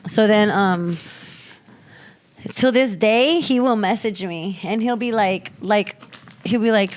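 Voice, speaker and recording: A woman on a casual chat podcast, spinning a story in a loose, swearing, animated way. She slips into her friends' voices as she tells it, at a middling pitch for a woman. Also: a little slow. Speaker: podcast co-host.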